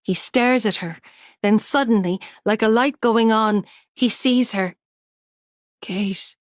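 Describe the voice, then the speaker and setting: A woman narrating a thriller audiobook in a measured, tense way. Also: on the high side, no echo, clean studio sound. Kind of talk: scripted narration.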